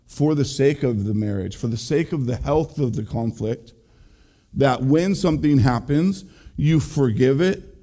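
A man's voice: mid-range voice, warm tone. A middle-aged man, a pastor, giving a conversational, earnest sermon and speaking straight to his listeners. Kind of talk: sermon on marriage.

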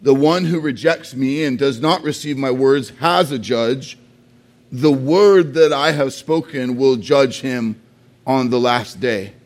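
A man pastor preaching a sermon, earnest, slowing down to stress key phrases and sometimes repeating words. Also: mid-range voice.

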